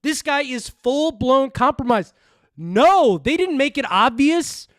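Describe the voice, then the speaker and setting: A man's voice: very high voice, measured pace, fairly bright tone, no echo, clean studio sound. A man hosting a reaction video, ranting with heated profanity and mocking the clips he plays. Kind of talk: profane angry rant.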